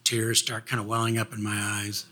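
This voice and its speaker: Bright, husky man telling his story. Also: fairly low pitch, moderate pace. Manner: animated, laughing, with many restarts. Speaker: speaker telling a personal faith story. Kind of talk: personal storytelling.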